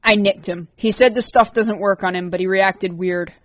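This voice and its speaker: A woman's voice: mid-range voice, steady tone, normal speed, lightly acted. A woman voicing Rain, a blunt teenage girl who sounds shaken. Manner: blunt, shaky.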